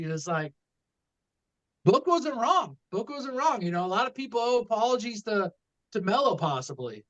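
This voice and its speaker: High-voiced man rambling about wrestling. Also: sing-song, moderate pace, fairly bright tone, lo-fi sound. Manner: rambling, many fillers and restarts. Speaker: podcast co-host. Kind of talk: casual wrestling talk.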